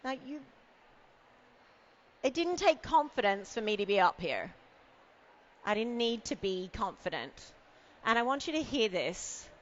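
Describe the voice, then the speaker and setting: A woman's voice: on the high side, sing-song, unhurried, long pauses, dull audio. A woman giving a conference keynote on stage, playful and self-mocking, teasing the audience. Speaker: keynote speaker. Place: event stage with a podium.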